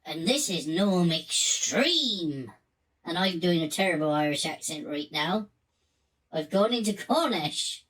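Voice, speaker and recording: A man's voice: high voice, sing-song, normal speed, sharp tone, pitched above the performer's own voice, heavily acted, low-quality recording. A man talking through a voice changer filter that makes him sound like a woman, casually showing off the effect. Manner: casual demonstrating chatter. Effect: voice changer filter that sounds female.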